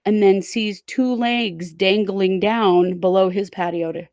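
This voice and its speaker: A woman's voice: medium pitch, fairly even intonation, slow, darkish tone, no room sound. A woman hosting a true crime show, casually walking her co-host through a case step by step. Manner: conversational, recounts events step by step.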